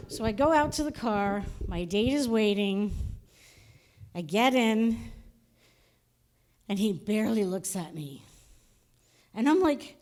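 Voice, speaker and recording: A woman's voice: medium pitch, expressive, unhurried. A woman performing a stand-up comedy set, telling a story and acting out the voices of her family. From Canada. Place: live show venue with audience.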